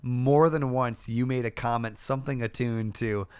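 A man's voice: medium pitch, steady tone, normal speed, clear, resonant tone, no echo. A young man co-hosting a casual podcast, asking wry, dry questions. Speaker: podcast co-host. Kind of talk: casual chat.

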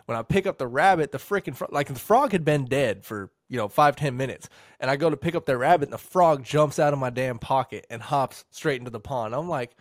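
A man of middling pitch spins a hunting yarn in an easygoing way, with "uh"s and a bit of cussing along the way. The sound is dry and close, with no room echo. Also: brisk, few pauses. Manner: laid-back storyteller with fillers and mild swearing. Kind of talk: casual hunting podcast storytelling.

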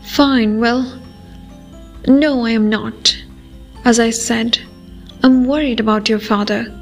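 A woman's voice: on the high side, steady tone. A woman reading the lines of an anxious, fretful middle-aged mother who snaps defensively. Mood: worried, defensive. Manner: brisk, defensive and irritable. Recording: faint music behind.

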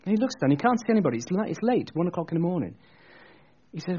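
A man preaching a sermon, telling a story in an animated, chatty way with jokey asides. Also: high-pitched, rapid-fire, breathy edge, lo-fi sound.

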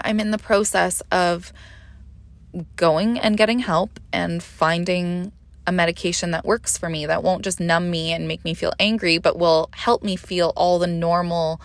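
A woman's voice: lowish voice, dry recording. Brief: young woman podcast host, confessional monologue, candid and rambling, plenty of "like", dry close mic. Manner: candid, rambling, frequent swearing and "like" fillers; emotional, rising sharply when reliving panic.

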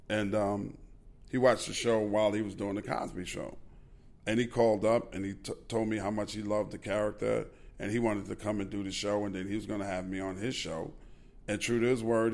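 A man's voice: fairly low pitch, vocal fry. A man, telling stories animatedly and with profanity as a podcast host. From Queens, New York. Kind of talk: casual storytelling chat.

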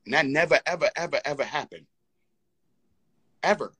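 High, bright-voiced man arguing heatedly. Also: moderate pace, slightly rough. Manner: insistent, repeats himself, talks over others. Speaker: participant in a heated live call. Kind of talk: heated argument.

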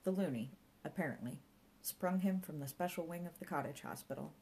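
A woman reads an audiobook, voicing a grandiloquent, pompous middle-aged male park ranger who imagines himself a martial arts mentor. Her voice is low, warm, and fairly quick, with a theatrical delivery, though the recording quality is low.

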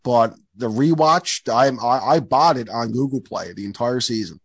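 A man's voice: medium pitch, normal speed, husky, no echo. A man hosting a podcast in casual chat, enthusiastic and rambling with lots of fillers. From Canada. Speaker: podcast host.

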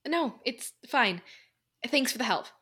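A teenage girl voicing a wry, sarcastic teenage girl in an amateur audiobook, with a dry deadpan delivery. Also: a little high, slow, slightly rough, full character voice. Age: teens. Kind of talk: amateur audiobook character reading.

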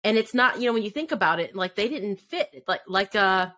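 A woman's voice: medium pitch, lively intonation, fairly quick, a bit bright. A woman co-hosting a casual podcast chat, reflective, asking probing questions and laughing easily. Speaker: podcast co-host.

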